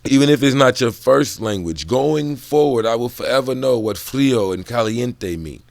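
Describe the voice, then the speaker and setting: A man's voice: mid-range voice, animated, normal speed, creaky, dry recording. A man in casual, profane book commentary, drifting off on tangents and laughing between thoughts. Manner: loose, profane, digressive talk.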